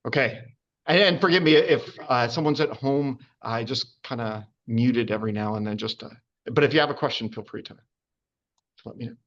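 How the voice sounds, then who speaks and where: A man's voice: mid-range voice, moderate pace, a bit bright, highs cut off. A man teaching anatomy to a live class in a chatty, informal way, full of fillers and asides. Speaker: anatomy and physiology instructor. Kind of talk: informal public lecture.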